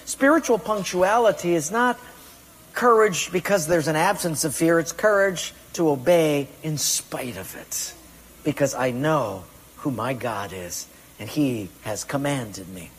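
A man preaching a sermon with emphatic delivery, acting out excuses and commands and rising to loud peaks. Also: fairly high pitch, expressive, measured pace, breathy edge, in a large hall. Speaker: pastor.

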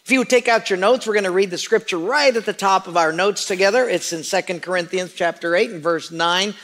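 Male pastor, high voice, conversational sermon, jokes with the congregation. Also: a little fast, fairly bright tone. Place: church sanctuary.

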